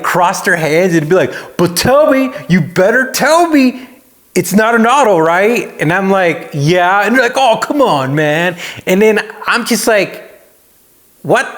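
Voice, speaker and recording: A man with a fairly high voice speaks casually to his audience as a YouTuber. He tells his stories in a lively way and briefly mimics the people he meets. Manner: animated storytelling, acts out quoted people. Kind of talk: casual talking-head vlog.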